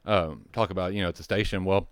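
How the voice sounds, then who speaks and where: A man with a deep, smooth voice recounts a call from his firefighting days in a loose, rambling way. He swears freely and circles back with asides and restarts. The recording is close and dry, with no room sound. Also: steady tone, fast talker, no room sound. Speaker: firefighter telling a call story. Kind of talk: casual storytelling.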